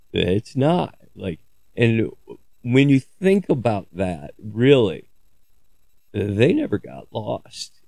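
A man's voice: medium pitch, gravelly, a little mellow, no echo. A man talking in a casual, rambling monologue, joking crudely and swearing freely as he digresses. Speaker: podcaster.

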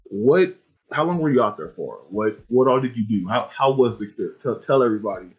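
A man co-hosting a podcast in relaxed chat, often restarting and repeating his words. His recording sounds a little muffled and dull. Faint music plays underneath. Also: mid-range voice, fairly quick. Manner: loose, stumbling, repeats words, laughs along. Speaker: podcast co-host. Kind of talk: casual chat.

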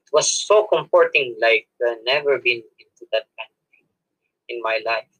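A man's voice: mid-range voice, normal speed, husky, muffled recording. A man, a monk guest, telling a personal story in an interview with many restarts and self-corrections and frequent laughs. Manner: laughs often while telling.

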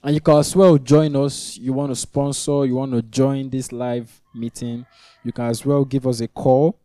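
A man's voice: mid-range voice, little pitch movement, normal speed, warm tone, dry recording, clean studio sound. A man preaching a teaching sermon, earnest and repetitive, building to emphatic peaks. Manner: earnest, repeats key phrases for emphasis. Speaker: preacher leading a weekly teaching meeting.

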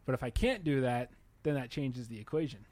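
A man in a casual chat, reasoning out loud and cracking jokes. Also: medium pitch, lively intonation, a little fast.

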